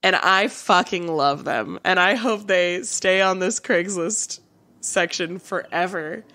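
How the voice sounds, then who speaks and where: A woman's voice: on the low side, slow, bright, forceful tone. A woman co-hosting a comedy podcast, chatting casually and joking, laughing often. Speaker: podcast co-host.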